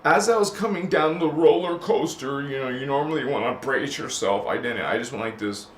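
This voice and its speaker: A middle-aged man with a medium-pitched voice talks fairly quickly while hosting his live stream. He reads out viewer comments, goes off on rambling tangents and laughs a lot, with roomy echo and slight background noise in the recording.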